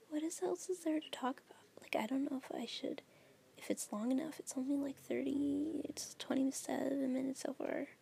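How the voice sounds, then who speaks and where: A woman's voice: high-pitched, vocal fry, warm tone. A teenage girl chatting on her own podcast at home, rambling with lots of fillers and giggles. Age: teens. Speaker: podcast host. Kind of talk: casual solo podcast chat. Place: at home, lying on her bed.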